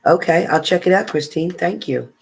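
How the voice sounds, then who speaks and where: A woman's voice: on the low side, moderate pace, vocal fry, husky, rough recording. A woman tarot reader chatting casually on a live stream, reading out viewers' names and sometimes stumbling over them.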